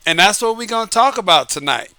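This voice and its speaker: A man hosting his own show as an author, giving a casual, lively monologue, repeating himself and laughing often. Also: high voice, fast, no room sound. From United States. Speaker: podcast host and author. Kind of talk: casual late-night monologue. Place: Southern California.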